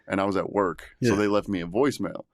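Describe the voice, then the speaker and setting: A man on a casual podcast, telling profane stories that turn loud and animated. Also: lowish voice, fast, no echo, studio quality. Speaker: podcast host.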